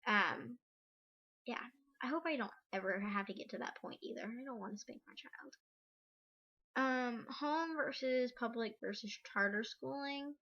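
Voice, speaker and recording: A woman's voice: fairly high pitch, unhurried, pushed and bright, muffled recording. A young woman giving her frank opinions on parenting in a casual vlog, chatty, with frequent ums. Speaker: parent vlogger.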